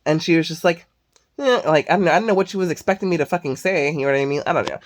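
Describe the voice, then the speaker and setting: A woman's voice: deep voice, rapid-fire. A woman venting in a casual monologue, swearing constantly, sighing and filling her talk with "like". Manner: heavy swearing, exasperated ranting; sighs and filler "like" often. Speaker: vlogger.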